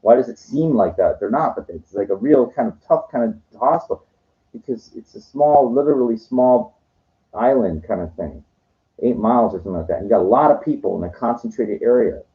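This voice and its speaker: A man telling meandering personal stories, filled with "you know" and often trailing off quietly. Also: fairly low pitch, lo-fi sound. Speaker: vlogger. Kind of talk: rambling personal storytelling. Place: lives in Los Angeles.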